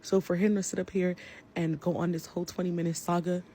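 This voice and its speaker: A woman's voice: fairly low pitch, flat delivery, fast talker, warm tone, slight background noise. A woman giving an angry, profane rant to the camera about a falling-out with a friend. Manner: heated, profane, confrontational. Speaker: social media personality.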